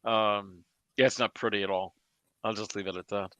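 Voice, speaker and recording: Bright-voiced male podcast co-host. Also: fairly low pitch, fairly even intonation, moderate pace, dry recording. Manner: laughing, rambling with repeats. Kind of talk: casual chat.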